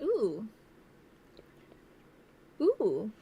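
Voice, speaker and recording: A woman's voice: on the high side, huge pitch swings, extremely slow, narrow, tinny audio, slight background noise. A young woman co-hosting a casual livestream podcast, chatting, laughing often and reading viewer comments aloud. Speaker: podcast co-host.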